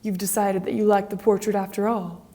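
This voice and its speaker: An earnest painter, devoted to his friend and reproachful when hurt, voiced by a woman. The delivery is mellow and a little breathy in an audiobook reading. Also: mid-range voice, flat delivery, a little fast, lightly acted. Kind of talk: graded reader audiobook acting.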